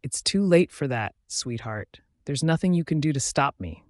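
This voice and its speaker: A man's voice: a little high, lively intonation, moderate pace, no echo, studio quality, lightly acted. A man voicing a cruel, mocking young male villain with a sneering manner.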